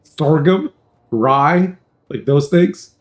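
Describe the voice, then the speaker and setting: A man with a somewhat high voice gives loose, joking commentary on a card game tournament. He rambles between plays and often clears his throat. He speaks close into a headset mic. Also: very slow. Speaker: tournament caster. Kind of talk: casual live game commentary.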